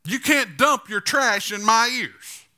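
A man's voice: high-pitched, lively intonation, slow pace, pushed and bright. A man preaching a sermon as pastor, building to emphatic, repetitive declarations. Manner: repetitive rhetorical phrasing.

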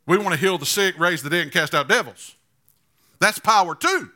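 A man's voice: sits high, expressive, normal speed, pushed and bright. A man preaching a sermon as pastor, building to emphatic, repetitive declarations. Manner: repetitive rhetorical phrasing.

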